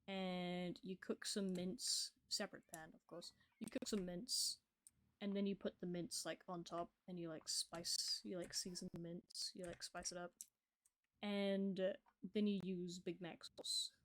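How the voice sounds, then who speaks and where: A woman's voice: fairly low pitch, flat delivery, measured pace, slight background noise. A woman streaming a game, chatting casually and talking to the creatures on screen. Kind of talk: casual gameplay chat.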